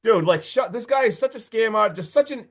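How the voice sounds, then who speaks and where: Excited man recapping a horror film. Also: high voice, fairly quick. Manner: excited, swearing, acts out lines from the film. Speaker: podcast host. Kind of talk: casual movie recap.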